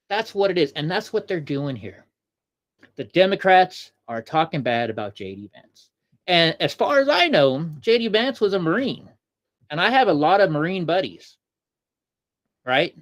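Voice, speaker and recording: This man's voice is on the high side as he hosts a livestream, ranting heatedly about politics, circling back on himself, and answering his chat.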